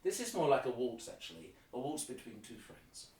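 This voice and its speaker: A man's voice: mid-range voice, wildly swooping pitch, brisk, far from the mic. A man explaining an opera scene by scene, now and then singing short motifs to illustrate them. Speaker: opera guide. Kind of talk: guided listening tour with piano examples. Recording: roomy, off-mic, with piano.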